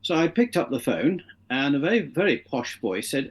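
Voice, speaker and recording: A man's voice: on the high side, big pitch swings, normal speed, breathy edge. Middle-aged guy telling stories in an interview, acts out what people said. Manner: anecdotal, acts out the voices in his stories. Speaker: interview guest. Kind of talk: casual interview storytelling.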